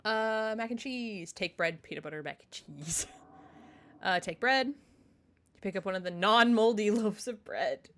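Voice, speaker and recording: A woman's voice: mid-range voice, unhurried, a bit bright. A woman playing a story game, reading its narration aloud and chatting between lines in a giggly, chatty way. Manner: giggly, chatty, reads narration then comments. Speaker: let's-play streamer. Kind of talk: casual game playthrough, reading game text aloud.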